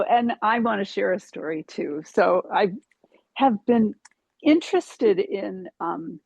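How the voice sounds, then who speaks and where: A yoga teacher talking slowly in a casual spiritual chat, halting with many ums and restarts. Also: female voice, mid-range voice, vocal fry, a little mellow, breathy edge, no echo, highs cut off.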